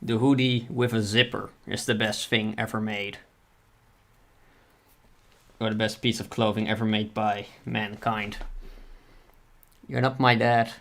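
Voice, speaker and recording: A man's voice: lowish voice, flat delivery, measured pace, pauses often, fairly bright tone. A man hosting a livestream, chatting casually while he draws. He rambles, corrects himself and swears mildly. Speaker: livestream host. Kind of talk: casual chat while drawing.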